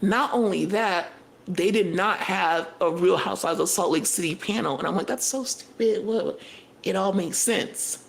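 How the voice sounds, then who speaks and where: A young woman co-hosting a podcast, recapping a reality show in casual chat, animated and profane, telling the story in bursts. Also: on the low side, moderate pace, vocal fry, slight background noise, low-quality recording. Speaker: podcast co-host.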